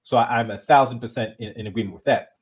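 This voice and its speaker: A man hosting his own channel, giving casual commentary in a conversational, animated way and often restarting his sentences. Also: mid-range voice, fast, slightly rough. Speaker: channel host.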